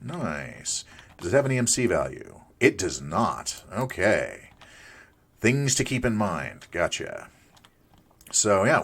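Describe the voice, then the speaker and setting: A man in his forties with a low, deep voice gives relaxed, rambling gameplay commentary. He restarts sentences often and drifts into side thoughts as he plays. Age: 40s. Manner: rambling, chatty, with filler restarts; playful asides to himself. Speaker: let's play host.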